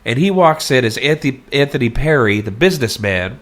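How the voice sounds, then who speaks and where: A man with a mid-range voice co-hosts a relaxed book chat. He explains things in an easygoing way, with "you know" and "um" and the odd dry joke. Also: mid-range voice, a little fast. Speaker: podcast co-host. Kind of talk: casual book discussion.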